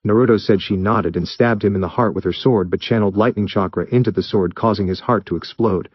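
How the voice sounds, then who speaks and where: A man narrating fan fiction aloud in a plain, steady reading voice. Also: lowish voice, a little fast, husky, no room sound, lo-fi sound.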